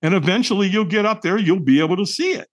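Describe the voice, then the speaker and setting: A man's voice: high voice, expressive, quick pace, voice pushed up. A man playing an easygoing friendly stranger. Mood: reassuring. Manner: easygoing, reassuring. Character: friendly calm male stranger at an event.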